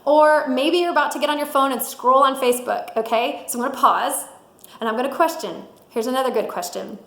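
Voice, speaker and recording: A middle-aged woman giving an energetic motivational talk, laughing often and acting out little quotes. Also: high voice, brisk. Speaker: sales director giving a mindset talk. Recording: roomy echo.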